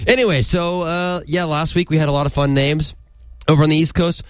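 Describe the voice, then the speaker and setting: A man's voice: fairly high pitch, fairly even intonation, brisk, clear, resonant tone, no echo. Chatty young man, dry close sound. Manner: rambling, chatty, self-correcting. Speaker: podcast co-host. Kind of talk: casual chat.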